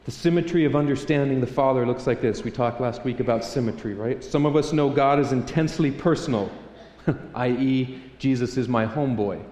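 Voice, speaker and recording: A man's voice: medium pitch, brisk, a little mellow. A male pastor in his thirties delivers a sermon in a casual, storytelling way. He animates his anecdotes with acted-out voices. The sound carries a long, roomy reverb, as if captured in a large church. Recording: echoey hall reverb.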